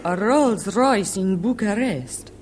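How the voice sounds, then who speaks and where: A woman's voice: mid-range voice, expressive, slow pace, darkish tone. Female role: a crafty, seductive underground agent; coy and knowing; faint background hiss. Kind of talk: 1960s radio comedy acting.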